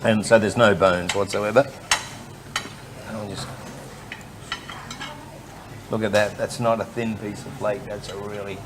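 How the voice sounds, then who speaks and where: A man's voice: on the low side, level tone, a little slow, long pauses, noisy background. A man hosting a travel show, chatting and joking while he eats in a restaurant. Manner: jokey, chatty, talks while eating. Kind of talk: casual chat over a meal.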